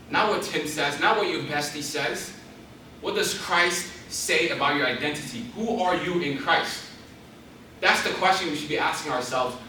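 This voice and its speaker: A man's voice: sits high, sharp tone, far from the mic, slight background noise. A young man giving an intense, preacherly Christian talk to an audience in a large hall, building to emphatic exhortations. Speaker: guest speaker. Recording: very echoey hall, voice off-mic.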